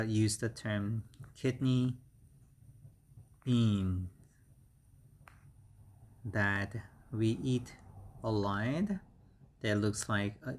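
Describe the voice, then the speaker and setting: A man with a Korean accent teaching English vocabulary, repeating each word slowly and carefully with frequent pauses and fillers. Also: lowish voice. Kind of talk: slow vocabulary lesson.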